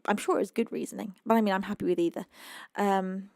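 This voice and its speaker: A woman's voice: medium pitch, fairly even intonation, fast talker, gravelly, a little mellow, no room sound, clean studio sound. A British woman hosting a music livestream, chatting casually with viewers and reading their comments, rambling with ums and restarts and a little out of breath. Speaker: livestream host and singer.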